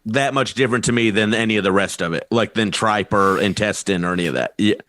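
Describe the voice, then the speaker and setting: A man's voice: on the low side, fast, a bit bright, no room sound. Man, podcast co-host, loose rambling chat, laughs mid-sentence, dry studio sound. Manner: rambling, laughs while talking, swears. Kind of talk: casual comedic chat.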